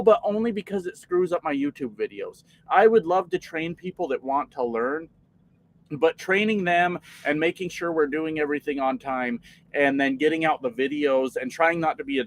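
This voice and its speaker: A man's voice: on the high side, moderate pace, slight background noise, low-quality recording. A man around forty, a trucker chatting casually on his live stream, reading out comments and telling long, profane, rambling stories.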